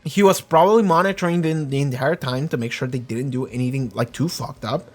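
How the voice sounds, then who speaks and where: A young man casually recapping a show's episode, excitable, profane and rambling. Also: mid-range voice, brisk, faint music behind. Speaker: show reviewer.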